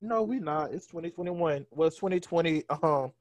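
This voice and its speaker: A man's voice: on the high side, moderate pace, no echo. Joking man co-hosting a podcast. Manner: animated, joking, laughs often. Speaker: podcast co-host. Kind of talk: casual podcast chat.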